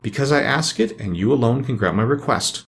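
A man voicing a gentle, polite tin woodman in a storybook reading. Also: medium pitch, animated, brisk, vocal fry. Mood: mournful.

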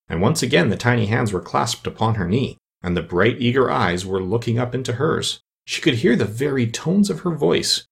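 Male audiobook narrator, animated and expressive. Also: on the low side, gravelly. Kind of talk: storybook narration.

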